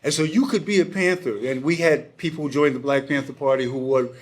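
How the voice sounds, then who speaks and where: An older man in his sixties tells a lively personal story to a packed room. He slips into other people's voices as he goes and swears without fuss. His voice sits a little high for a man. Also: fairly quick. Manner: animated storyteller who acts out voices and swears casually. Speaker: panel speaker. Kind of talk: storytelling talk to a live audience. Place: packed bar event space.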